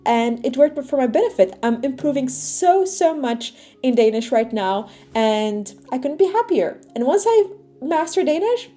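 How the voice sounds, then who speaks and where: Woman, vlog storytelling, lively chatty manner, faint background music. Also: sits high, normal speed. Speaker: vlogger. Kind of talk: casual talking-to-camera vlog.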